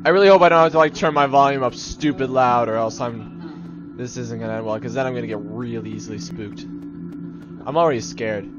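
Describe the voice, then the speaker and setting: A man's voice: mid-range voice, a little fast. A young man playing a horror game, nervous and jumpy, mocking himself, dropping to whispers and then yelping. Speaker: gaming channel host. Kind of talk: let's play commentary. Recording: dull, lo-fi game capture with game music behind. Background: faint game music.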